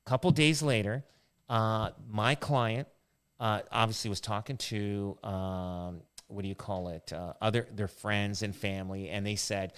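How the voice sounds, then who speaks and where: A man talks through his stories in a loose, rambling podcast style, circling back and restarting as he goes. His voice sits slightly low. He is a realtor hosting the show. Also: steady tone, a little slow, fairly bright tone, smooth. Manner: rambling anecdotal storytelling. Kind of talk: casual podcast chat.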